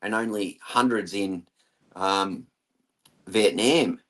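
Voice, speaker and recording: Australian male veteran, plain-spoken, earnest, lower register, casual interview guest. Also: slow pace, a bit bright. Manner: earnest, blunt, says "mate" often. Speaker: veteran and political candidate.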